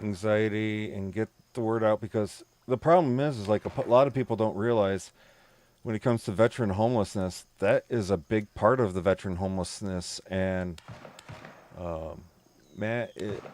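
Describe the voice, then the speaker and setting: A man's voice: fairly low pitch, normal speed, a little mellow, slight background noise. A man streaming a game and chatting casually with viewers, rambling, laughing often and swearing freely. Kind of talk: casual live-stream chat.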